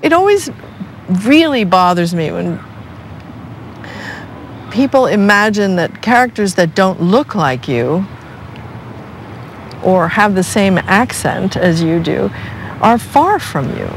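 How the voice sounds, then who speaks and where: Playful woman in her sixties, unhurried. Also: mid-range voice, a little hiss or hum. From New Jersey, USA. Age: 60s. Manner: animated, playful, laughs often. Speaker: actress being interviewed. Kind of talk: relaxed conversational interview.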